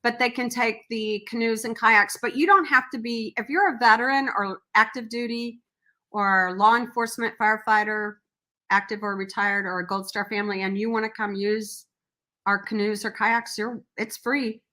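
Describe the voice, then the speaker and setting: Bright, animated middle-aged woman storyteller. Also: on the high side, normal speed. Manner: earnest, animated storyteller who acts out quotes. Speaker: podcast guest, nonprofit founder. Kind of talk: casual storytelling interview.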